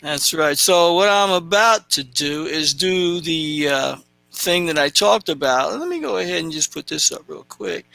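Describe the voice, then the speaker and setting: A man's voice: on the high side, lively intonation, a little slow, vocal fry, sharp tone. A man hosting a casual podcast, bantering loosely and joking about himself. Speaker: podcast host.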